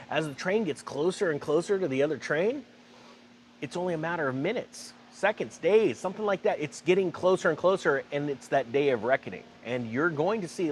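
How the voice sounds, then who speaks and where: A man's voice: fairly high pitch, a little hiss or hum. A man hosting a finance commentary vlog, talking emphatically and sarcastically with rambling asides. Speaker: finance channel host.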